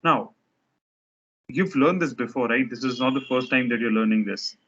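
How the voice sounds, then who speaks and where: A man's voice: medium pitch, moderate pace, fairly bright tone, lo-fi sound. A man teaching a structures lecture, explaining step by step while he sketches diagrams, often restarting his sentences.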